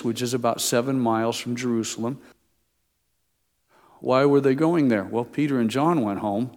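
A man preaching a sermon, retelling a story, swinging between loud emphasis and soft, slow asides. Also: medium pitch. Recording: long hall reverb.

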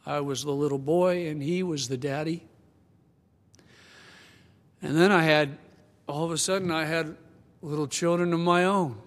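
An older man preaching a sermon, reflective and earnest, slowing and softening at tender moments. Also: on the high side, steady tone. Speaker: pastor. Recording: long hall reverb.

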